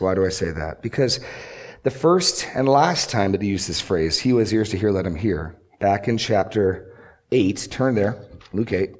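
A man's voice: lowish voice, lively intonation, moderate pace. A male pastor preaching an earnest sermon, asking rhetorical questions and repeating key lines for emphasis.

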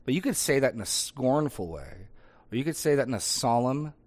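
A man's voice: medium pitch, animated, fairly quick, darkish tone. A middle-aged man, a pastor, talking in a casual discussion, conversational and thinking aloud with frequent restarts and tag questions.

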